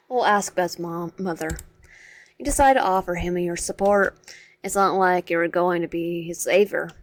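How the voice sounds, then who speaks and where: A woman's voice: mid-range voice, fairly bright tone, no room sound. A woman reading the narration of a visual novel aloud, often tripping and correcting herself. The voice sits in a middle register. The sound is dry and close. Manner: stumbling, self-correcting reading. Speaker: game streamer.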